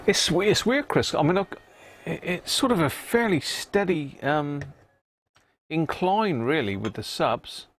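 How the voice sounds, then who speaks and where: At an electronics workbench, a man hosts a casual live stream while repairing a vintage radio, chatting with viewers, answering live chat, and muttering to himself as he tests parts. His voice is a little high and a bit bright, animated yet unhurried.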